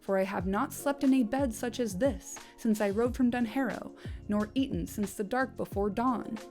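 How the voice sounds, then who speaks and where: A woman reading the part of a weary noble male king, in a measured, gently teasing voice. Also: on the high side, soft background music, lightly acted. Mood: wry.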